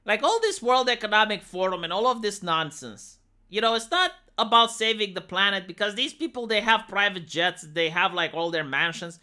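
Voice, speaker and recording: A woman's voice: medium pitch, lively intonation, normal speed, bright, forceful tone. A woman from Romania, ranting on a casual livestream, swearing often and restarting her sentences. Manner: profane, exasperated, many restarts and fillers.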